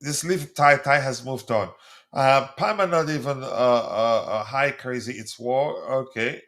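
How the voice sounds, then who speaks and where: Here a South African livestream host, a non-native English speaker whose first language is another South African tongue, chats through a football debate, reading and replying to viewer comments. He speaks at a measured pace in a medium-pitched, somewhat bright voice.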